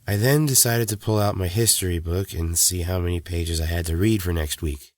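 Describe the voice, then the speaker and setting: A man calmly narrating a first-person horror story in a steady voice. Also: sits low, fairly quick, no room sound, studio quality.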